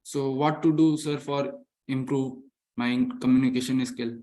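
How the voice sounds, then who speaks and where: A student from India asking his teachers for advice, deferential and halting, saying "sir" often. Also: medium pitch, fairly even intonation, dark tone. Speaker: student caller.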